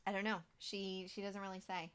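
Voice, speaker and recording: A woman's voice: mid-range voice, level tone, a little fast, fairly bright tone, smooth. A woman co-hosting a casual podcast, reading listener stories aloud, laughing often and swearing freely. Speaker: podcast co-host.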